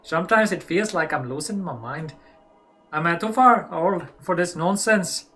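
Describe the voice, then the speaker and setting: A man's voice: on the high side, normal speed, bright, forceful tone, faint music behind. A man voicing a formal, weary German male head doctor in a mock German accent that drifts toward French, reading a letter in a theatrical way.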